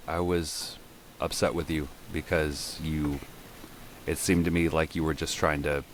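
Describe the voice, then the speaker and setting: A man speaking as a player in a tabletop game, quiet and earnest. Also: a bass voice, a little hiss or hum. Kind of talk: in-character tabletop chat.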